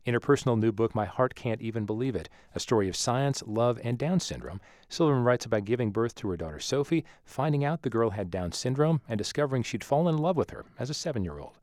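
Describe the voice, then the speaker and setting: A man's voice: medium pitch, expressive, fast talker, hardly any pauses, darkish tone, dry recording, clean studio sound. A man hosting a radio show, introducing a guest and asking probing questions in a conversational way. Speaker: radio host. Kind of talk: radio interview. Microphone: studio mic.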